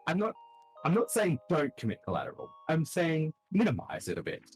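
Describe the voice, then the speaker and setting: Animated man explaining as game master. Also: a little high, fairly quick, slightly rough, soft background music, poor audio. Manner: lively, explanatory. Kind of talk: casual chat explaining a game.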